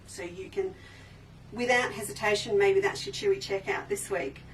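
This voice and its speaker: A woman's voice: medium pitch, fairly even intonation, normal speed. A woman hosting a casual live sale from her sewing shop, chatty and enthusiastic, often trailing off and restarting sentences. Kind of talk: casual live-stream sales chat. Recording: slightly distant mic with faint background noise.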